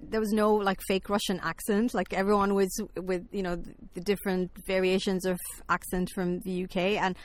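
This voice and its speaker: Woman, mid-pitch, eager casual film chat. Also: level tone, moderate pace, hardly any pauses. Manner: enthusiastic, says "like" often. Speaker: film podcast guest.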